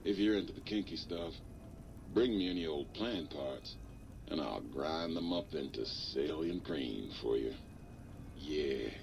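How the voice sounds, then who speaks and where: An actor voicing a lewd, smooth-talking male plant research machine in a game, crooning innuendo and calling the listener baby. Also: rumbling low, animated, measured pace, a little mellow, slight background noise, exaggerated voice. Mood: sleazy.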